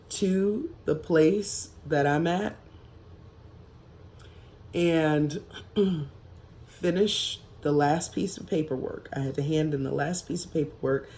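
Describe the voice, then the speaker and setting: A woman vlogger tells a personal story in a casual, emphatic, reflective way, leaving long, drawn-out pauses. Her voice sits low with a warm tone.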